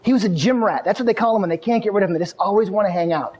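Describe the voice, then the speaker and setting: Energetic man speaking in a hall. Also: sits high, racing. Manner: energetic storytelling, addresses audience directly. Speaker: keynote speaker. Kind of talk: motivational keynote speech. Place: large hall before a live audience. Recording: hall reverb.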